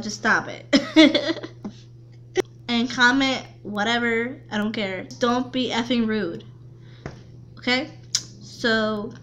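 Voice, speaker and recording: A woman vlogger chatting casually to camera, talking haltingly with frequent restarts and repeated words. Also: on the high side, pushed and bright.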